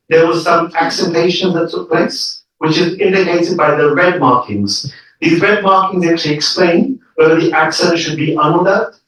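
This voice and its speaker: A man's voice: a little high, fairly bright tone. A man teaching a live scripture class, explaining each word step by step and checking in with the audience. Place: lecture room with an audience. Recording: echoey room, mic far off.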